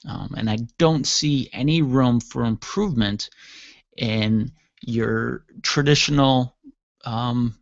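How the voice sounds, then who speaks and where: A man's voice: mid-range voice, vocal fry, a bit bright, dry recording, dull audio. Yawning man rambling on his podcast. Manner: rambling, chatty, jokey asides. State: tired, yawning. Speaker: podcast host. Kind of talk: casual solo podcast talk. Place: home basement studio.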